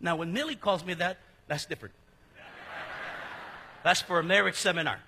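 A middle-aged man preaching a sermon as pastor in a church, talking in a casual, joking way with sudden drops to a hush. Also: sits high, moderate pace, slight background noise. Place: church sanctuary. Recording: long hall reverb.

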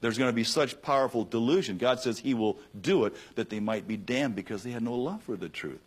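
A man preaches a Bible sermon on the radio with a slightly husky, breathy voice at a middle pitch. He presses hard on key lines and then drops to a near hush, earnest and urgent throughout. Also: brisk. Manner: impassioned preaching, swinging from loud to hushed. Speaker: pastor.

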